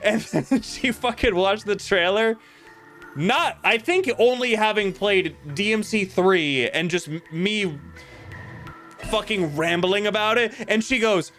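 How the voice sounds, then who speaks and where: A man's voice: sits high, a little slow, a bit bright, faint music behind. A young man playing a video game and ranting profanely while telling a story. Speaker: gaming streamer. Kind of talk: casual let's-play chat.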